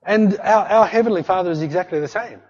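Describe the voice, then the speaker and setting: A man's voice: high-pitched, fast talker, a little mellow. A middle-aged man preaching a sermon as pastor, emphatic and repetitive, often calling out "hey" to the congregation. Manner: emphatic preaching with repeated "hey" and "don't fret". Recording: long hall reverb, dull lo-fi sound.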